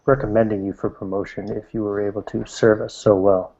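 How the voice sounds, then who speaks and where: A man playing a tabletop game, speaking in a measured, commanding way, recorded with dull lo-fi sound. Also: lowish voice, little pitch movement, dark tone. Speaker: player. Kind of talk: in-character tabletop play.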